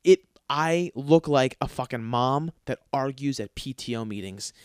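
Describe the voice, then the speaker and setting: A man's voice: mid-range voice, lively intonation, measured pace, smooth, no room sound. Profane ranting man, dry close sound. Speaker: podcast host. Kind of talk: comedic rant.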